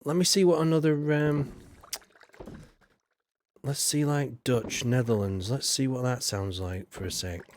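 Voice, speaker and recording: A man's voice: mid-range voice, unhurried, long pauses, darkish tone, a little hiss or hum. A young adult man hosting a live stream, chatting casually and chuckling as he thinks aloud while picking viewer messages. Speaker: streamer reading out viewer donations.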